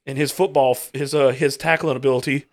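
A man's voice: medium pitch, steady tone, fast talker. A man hosting a podcast, telling a story in a loose, rambling way with many restarts. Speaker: podcast host. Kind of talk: casual chat.

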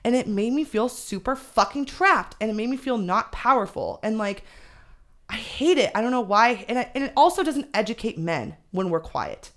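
A young woman guest on a podcast, telling a story in candid, animated casual chat with frequent swearing. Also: a little high, moderate pace.

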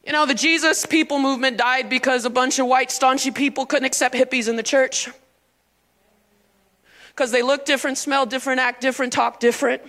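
A woman's voice: sits high, steady tone, brisk, a bit bright. A woman pastor preaching a sermon in a church, emphatic and calling on the congregation to answer back. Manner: emphatic call-and-response preaching. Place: church sanctuary.

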